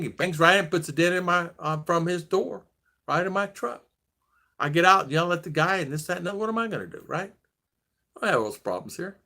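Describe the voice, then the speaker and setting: A man's voice: fairly high pitch, bright, forceful tone. A man in his sixties from the United States, telling rambling stories in a casual vlog chat, often restarting and trailing off. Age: 60s. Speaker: vlogger.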